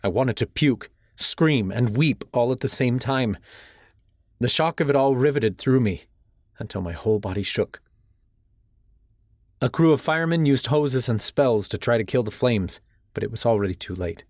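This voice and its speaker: A man's voice: mid-range voice, lively intonation, normal speed, darkish tone, no room sound, clean studio sound. A man narrating a first-person audiobook in a tense, urgent storytelling manner.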